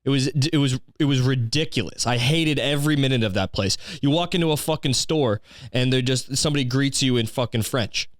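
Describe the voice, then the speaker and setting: A man's voice: medium pitch, brisk, dry recording, clean studio sound. A young man from Canada, hosting a podcast with a crude, sarcastic, swear-filled comedic rant. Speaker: podcast host.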